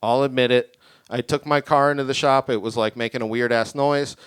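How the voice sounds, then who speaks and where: A young man doing a stand-up set in a small venue, rambling and deadpan, a bit tipsy. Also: mid-range voice, fairly quick, smooth, no room sound. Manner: deadpan, rambling, self-deprecating. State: tipsy from drinking. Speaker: stand-up comic. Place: small creative community venue with live audience.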